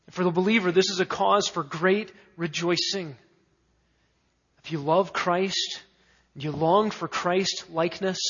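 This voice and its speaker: High-voiced preacher in an echoey hall. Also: male voice, a bit bright, breathy edge. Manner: emphatic, builds lists of words with rising force. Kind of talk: expository sermon. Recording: dull, echoey hall sound.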